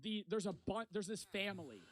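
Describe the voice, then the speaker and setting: A man's voice: sits high, lively intonation, brisk, a crowd in the background. A young man telling a rowdy travel story in casual, profane storytime style. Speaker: vlogger. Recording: noticeable background noise.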